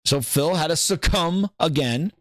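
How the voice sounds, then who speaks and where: A man's voice: a little high, a little slow, a bit bright, no echo, clean studio sound. A man hosting a gaming podcast, ranting and ad-libbing with plenty of profanity. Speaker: host. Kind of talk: comedic gaming podcast rant.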